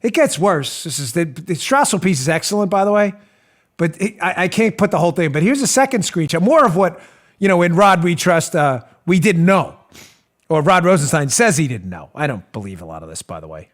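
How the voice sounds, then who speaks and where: Sarcastic guy hosting a talk show, high voice, keeps mocking, studio. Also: animated, fairly quick. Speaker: host. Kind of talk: political talk show commentary.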